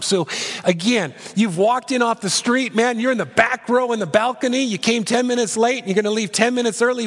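A male pastor preaching an expository sermon in a church sanctuary, animated, moving between loud and hushed delivery. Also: high-pitched. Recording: long hall reverb.

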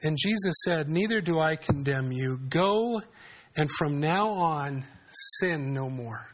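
A man's voice: fairly high pitch, animated, slow. A man preaching a sermon in a conversational way, often asking his congregation questions. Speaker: pastor.

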